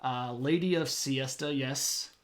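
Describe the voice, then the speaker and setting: A man's voice: medium pitch, slow. A man streaming live, chatting casually with viewers in a playful, self-mocking way. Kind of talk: casual chat reading viewer comments.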